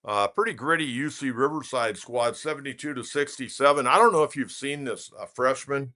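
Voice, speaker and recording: A man's voice: medium pitch, brisk, pushed and bright. An older man in his sixties, from California, runs a casual sports talk show. He tells stories in a folksy, rambling way and leans on filler words as he goes. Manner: folksy, rambling storyteller with many filler uhs. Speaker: sports radio host.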